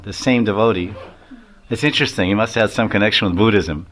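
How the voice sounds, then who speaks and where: A man with a fairly low voice gives a devotional lecture as a swami. He tells stories in a loose, rambling way, chuckling often and acting out quotes. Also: quick pace, a bit bright, a little hiss or hum.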